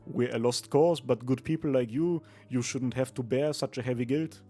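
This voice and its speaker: A man's voice: medium pitch, moderate pace, warm tone, faint music behind, lightly acted. A man voicing a weary, guilt-ridden rural villager in a put-on Irish accent while reading a game story aloud. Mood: resigned.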